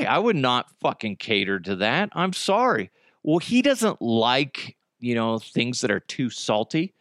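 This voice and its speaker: A male podcast host rambles through crude, jokey stories with a lively, swinging delivery. He laughs often and acts out other people's voices. His voice sounds dry and close. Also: medium pitch, no room sound. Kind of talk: casual comedic monologue.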